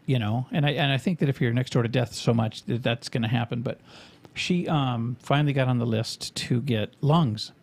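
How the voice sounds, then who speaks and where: A man's voice: medium pitch, moderate pace. A man co-hosting a podcast, chatting casually in a rambling, profane, joking way. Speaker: podcast co-host.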